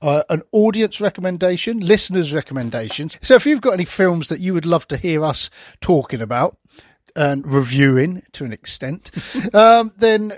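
Here the podcast host's fairly high voice has a sing-song lilt at a moderate pace as he chats casually, drifting off with fillers and restarts. It's a dry, clean studio recording.

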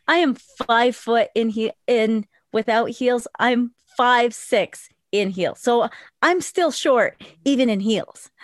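A woman guest on a podcast, telling a story in an animated way and swearing freely. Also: on the high side, measured pace, no room sound, clean studio sound.

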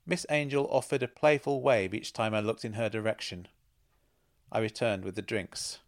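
A man's voice: lowish voice, steady tone, moderate pace. A man reading first-person narration in a wry, understated way.

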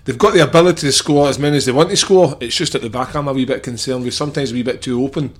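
A Scottish man, a former footballer, giving measured, thoughtful football analysis in casual chat. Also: medium pitch. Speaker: podcast co-host, former footballer.

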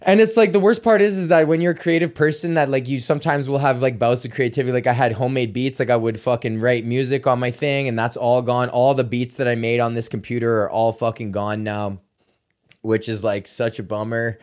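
A man's voice: medium pitch, level tone, brisk, darkish tone. A man hosting his own podcast in a casual rambling monologue, swearing often and restarting sentences. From Canada. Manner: profane, rambling, with many restarts. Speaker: podcast host.

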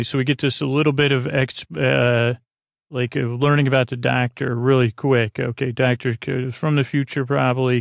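A man recapping a TV episode in a halting, rambling way, full of fillers and restarts, speaking softly. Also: medium pitch, vocal fry, no room sound. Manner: halting, many fillers and restarts, paraphrasing dialogue. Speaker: podcast host.

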